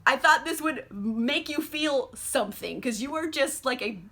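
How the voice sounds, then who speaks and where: A male vampire, eager and a little pushy, coaxing his old companion along, put on by a woman in a vlog. The voice is a touch high and bright. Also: lively intonation, measured pace, full character voice. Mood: coaxing, baffled. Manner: coaxing, casual.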